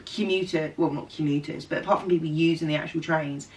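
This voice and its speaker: A woman, telling a long story to camera in a casual, animated way, swearing freely and acting out what people said. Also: deep voice, quick pace, recorded from a distance. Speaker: vlogger.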